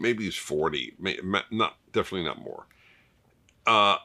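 A man's voice: low-pitched, big pitch swings, fairly quick, pushed and bright. An older man hosting a fireside chat, talking emphatically and repeating points for stress. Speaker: host.

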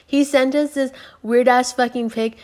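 A woman's voice: high-pitched, fairly even intonation, normal speed, darkish tone. A woman in her twenties hosting a podcast, telling stories in a rambling, profane way, full of fillers and restarts. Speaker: podcast host. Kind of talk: casual storytelling.

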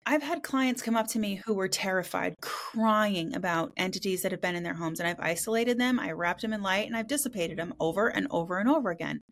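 A woman's voice: medium pitch, expressive, fairly quick, hardly any pauses. A woman in her thirties with a mid-range voice, telling a story in casual podcast chat. She talks bluntly and swears freely, with plenty of animation. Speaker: podcast host and spiritual practitioner.

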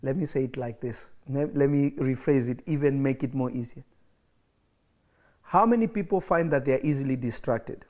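A man's voice: medium pitch, normal speed, a little mellow. A man preaching an emphatic livestreamed sermon, repeating phrases for effect, with coughs and laughs between points.

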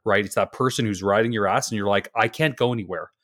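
Low, ranting man. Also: fast, fairly bright tone, no room sound, clean studio sound. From Canada. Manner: profane, ranting, exasperated storytelling. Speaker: podcast co-host. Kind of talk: casual chat.

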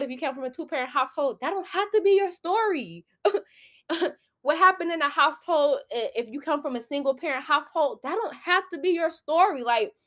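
A woman's voice: high-pitched, pushed and bright. A young woman, hosting a solo podcast and giving candid, preachy advice full of "like" fillers. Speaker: podcast host.

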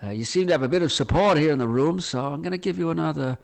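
A man's voice: on the high side, racing, vocal fry. A man voicing a rambling older male boss with an American accent, drawling and full of fillers. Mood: coaxing.

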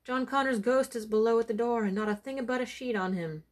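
A woman's voice: on the high side, a little fast, voice pushed up, lightly acted. Woman doing a frightened servant boy. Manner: urgent, pleading.

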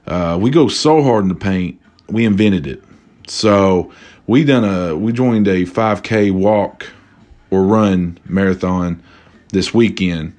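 A man's voice: sits low, takes it slowly, a little mellow. A man hosting a casual drinking podcast, rambling and profane, cracking jokes and correcting himself, a little tipsy. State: tipsy from tequila. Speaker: podcast host.

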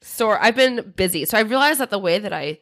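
A woman's voice: medium pitch, lively intonation, a little fast, a bit bright, no echo. A young woman co-hosting a podcast in casual chat, rambling with lots of fillers. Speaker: podcast co-host.

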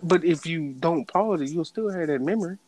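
A man in casual chat, arguing his point in a quick back-and-forth. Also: on the high side, a little mellow, dry recording, low-quality recording.

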